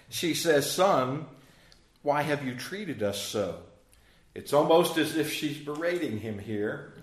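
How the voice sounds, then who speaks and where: A man teaches through a scripture passage in an easy, conversational way, pausing to put questions to his listeners. His voice sits at an ordinary middle pitch for a man. The sound carries a roomy echo. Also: fairly bright tone. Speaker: Bible teacher. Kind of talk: verse-by-verse Bible teaching.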